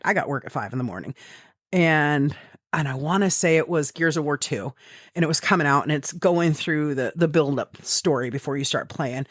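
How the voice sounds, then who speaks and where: A woman's voice: sits low, dry recording, studio quality. A woman co-hosting a podcast, telling gaming stories in casual chat, swearing freely and acting out her own quoted thoughts, from the American Midwest. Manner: swears freely, animated storytelling with quoted asides. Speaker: podcast co-host.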